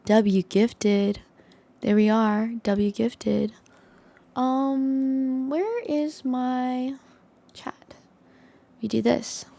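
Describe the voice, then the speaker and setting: A woman's voice: steady tone, extremely slow, creaky, pauses often, mellow. A young woman hosting a casual live stream from her desktop setup, bubbly and full of hype. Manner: bubbly, hype, high-energy. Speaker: livestream host.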